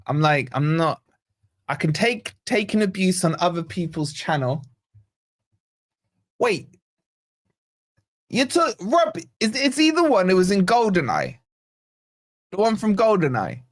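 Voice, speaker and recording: Lively, nervous male watch-along host. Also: sits high, unhurried, pauses often. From Scotland. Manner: animated, excitable, reads chat aloud. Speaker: fan channel host. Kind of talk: live football watch-along chat.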